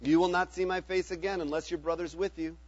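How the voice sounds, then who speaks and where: A man's voice: on the high side, steady tone, fast talker, dull audio, natural voice. A man voicing an earnest adult brother pleading with his father while reading scripture aloud.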